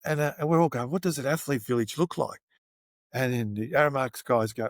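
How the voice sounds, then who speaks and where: A man's voice: mid-range voice, fairly quick, dry recording, clean studio sound. Rambling Australian man telling anecdotes. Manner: rambling anecdotes with many fillers and restarts. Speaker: guest. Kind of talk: casual storytelling interview.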